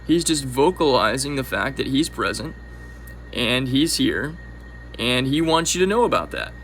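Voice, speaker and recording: A man's voice: medium pitch, big pitch swings, normal speed, a bit bright, a little hiss or hum, low-quality recording. A man voicing an earnest, upbeat teacher who lectures a class on cat psychology.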